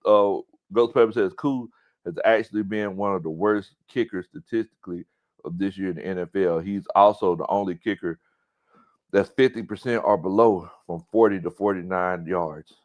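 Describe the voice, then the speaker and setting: A man's voice: low-pitched, steady tone, moderate pace, dull audio. A man hosting a casual sports talk stream, reading viewer comments aloud with loose, stumbling speech and frequent laughter. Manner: loose, repeats words, laughs often. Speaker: sports talk show host.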